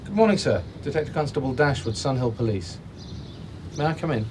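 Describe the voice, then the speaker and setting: An actor plays a courteous detective constable who questions people politely but persistently. His pitch moves around a lot, and a faint hiss sits under the old recording. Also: big pitch swings, a little fast, lightly acted. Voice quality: courteous, formal, probing.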